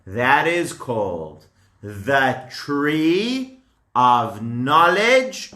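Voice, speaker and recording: A man telling a story to young children in a playful, animated way, joking and asking his listeners questions. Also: medium pitch, extremely slow. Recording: echoey room.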